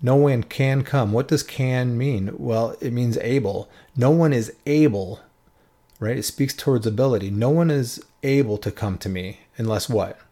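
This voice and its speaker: A man's voice: mid-range voice, moderate pace, dark tone. Conversational man teaching Bible verses. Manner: conversational, often tags points with a questioning "right?".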